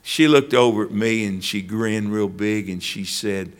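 A man's voice: on the low side, unhurried. A man preaching a sermon, telling stories and addressing listeners by name.

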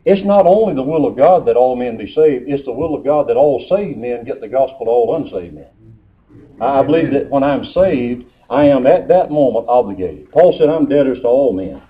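Male preacher, mid pitch, folksy sermon delivery, narrow tinny phone-like audio. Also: animated, moderate pace. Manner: folksy storytelling with scripture quotes.

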